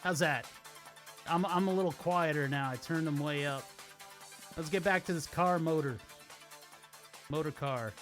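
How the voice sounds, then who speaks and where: A man's voice: fairly high pitch, a little slow, pauses often, a bit bright. A man chats casually while streaming a car-building game, drifting into stories as he works. His sentences wander and restart as he thinks aloud. Game music hums faintly behind him. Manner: rambling, self-interrupting storyteller. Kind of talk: casual gameplay commentary. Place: home streaming setup. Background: game music playing faintly.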